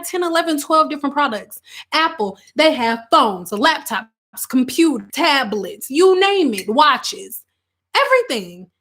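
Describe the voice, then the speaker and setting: A woman's voice: a little high, fairly bright tone. A hairstylist who hosts her own online channel, talking candidly to viewers on a casual livestream and acting out quotes.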